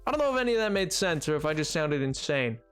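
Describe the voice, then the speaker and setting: High, lively rambling male streamer. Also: quick pace, clean tone, faint music behind. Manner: rambling, self-deprecating, lots of restarts and playful bits. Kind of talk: casual chat while gaming, reading chat aloud.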